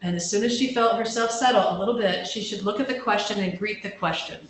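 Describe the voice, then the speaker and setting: A woman's voice: mid-range voice, fast talker, far from the mic. A woman counselor giving an informal workshop talk, conversational and self-deprecating, with frequent restarts and questions to check that the audience is following. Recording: very echoey room, voice picked up from afar, faint background hum.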